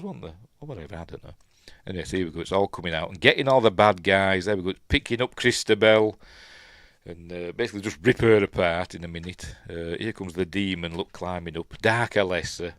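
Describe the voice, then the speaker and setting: A middle-aged man with a Yorkshire accent talks through a film in a loose, rambling way, chuckling and filling gaps with ums. His voice sits low. The sound is dry and close. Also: no room sound. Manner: rambling, chuckling, full of fillers. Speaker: host. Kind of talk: casual film commentary.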